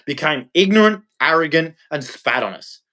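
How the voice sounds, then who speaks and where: A man's voice: fairly high pitch, animated, moderate pace, pushed and bright. An Australian man ranting on a livestream in a blunt, scolding, preachy way. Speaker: livestream host. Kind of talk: livestream rant.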